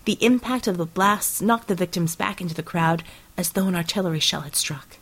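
A woman narrating an action audiobook in steady, dramatic storytelling. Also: on the low side, a little fast, husky, poor audio.

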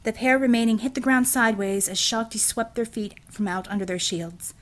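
A woman giving a steady, measured scripted audiobook narration. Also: a little high.

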